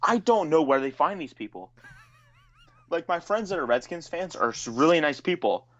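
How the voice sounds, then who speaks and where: A man's voice: fairly high pitch, animated, moderate pace, muffled recording, faint music behind. A man co-hosting a podcast, telling stories in a casual, profane, ranting way. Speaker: podcast co-host. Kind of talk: casual chat.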